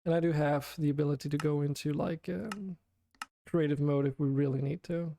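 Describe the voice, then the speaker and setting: A man's voice: on the high side, fairly even intonation, moderate pace, creaky, warm tone, a little hiss or hum. A man streaming a game, chatting casually with viewers in a chatty, self-deprecating way and laughing often. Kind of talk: casual live-stream chat.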